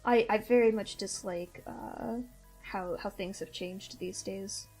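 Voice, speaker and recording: With vocal fry and a darkish tone, a young woman speaks slowly at medium pitch in a steady tone. She hosts a stream in casual chat, rambling and often laughing, with a Midwestern-Southern American accent and faint music behind.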